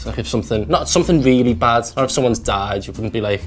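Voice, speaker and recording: A man's voice: medium pitch, normal speed, over music. A young man from Liverpool with a Scouse accent, chatting playfully as a radio presenter explaining local slang and laughing often. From Liverpool, England. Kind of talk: casual explainer to camera.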